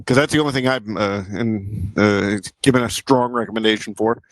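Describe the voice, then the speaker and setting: A man's voice: fairly low pitch, moderate pace, no echo, low-quality recording. Profane, rambling podcast co-host man. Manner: profane, rambling, restarts often. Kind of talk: casual chat.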